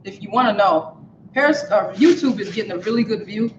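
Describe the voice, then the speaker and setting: Fairly quick and lively in intonation, her medium-pitched voice carries a live cooking demo from her home kitchen as she speaks directly to viewers and laughs often. The recording is echoey, dull and lo-fi, with slight background noise.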